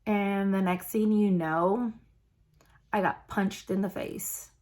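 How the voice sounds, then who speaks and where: Woman, vlogger, personal storytime, casual, halting, many fillers, mid-pitched voice. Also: fairly even intonation, darkish tone.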